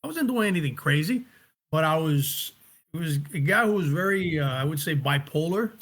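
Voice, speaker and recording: A man being interviewed about his acting work, talking in a reflective, casual way and often pausing to find his words. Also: on the high side, animated, fairly bright tone. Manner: reflective, searching for words, restarts. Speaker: actor and director, guest.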